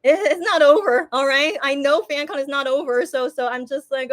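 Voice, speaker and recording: Female vlogger, slightly high voice, emotional rambling recap with lots of restarts. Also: normal speed. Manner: emotional, rambling, many restarts and self-talk. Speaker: fan vlogger. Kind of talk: casual recap to camera.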